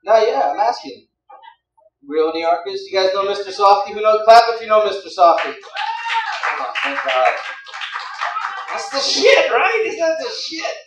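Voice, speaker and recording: Rambling young comedian in a roomy club. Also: male voice, high voice, wildly swooping pitch, unhurried, pauses often, fairly bright tone, a little hiss or hum. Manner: rambling, crowd-teasing. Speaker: stand-up comedian. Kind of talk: stand-up comedy. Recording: roomy club sound from a distance.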